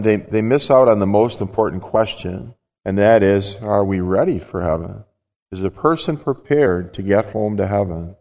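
A man's voice: fairly low pitch, a little mellow. A middle-aged male pastor preaching a sermon, earnest and plain-spoken, explaining step by step. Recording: long hall reverb.

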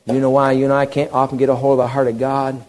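A man preaching a sermon, animated, moving between loud emphatic passages and hushed, quiet ones. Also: mid-range voice, quick pace, a little hiss or hum.

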